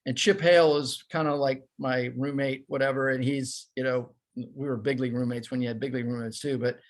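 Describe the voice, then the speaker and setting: A man in his fifties, a former baseball player, telling animated, self-deprecating stories as a podcast guest. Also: medium pitch, fairly quick. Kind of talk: casual storytelling.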